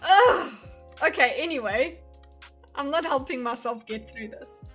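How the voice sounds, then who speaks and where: A woman's voice: high voice, normal speed, pushed and bright, soft background music. A woman streamer giving casual live commentary in a blunt, exasperated, sarcastic way.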